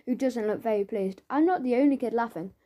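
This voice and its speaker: A woman reads a children's audiobook aloud in the voice of a schoolboy telling his own story. Her delivery is lively and playful, sitting a little high with a soft, mellow tone. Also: fairly quick. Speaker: audiobook narrator.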